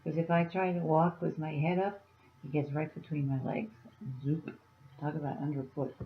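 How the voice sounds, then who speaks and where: A woman vlogging casually, rambling through a dream story and talking softly to her cat. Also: low voice, flat delivery, moderate pace, roomy sound, narrow, tinny audio, a little hiss or hum. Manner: meandering, soft-spoken to her cat. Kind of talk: casual vlog.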